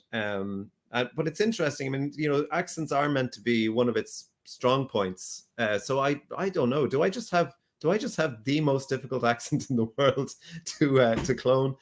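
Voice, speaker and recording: Hesitant, mid-pitched podcast co-host. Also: male voice. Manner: hesitant, many fillers and restarts, laughs. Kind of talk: casual chat.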